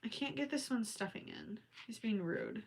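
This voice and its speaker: A woman's voice: on the high side, wildly swooping pitch, moderate pace, gravelly, a little hiss or hum. A young woman with a Minnesotan accent, chatting casually with viewers on a late-night crochet livestream, rambling and a little tired. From Minnesota, USA. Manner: rambling, chatty, talks to viewers while working. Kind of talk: casual chat while crafting.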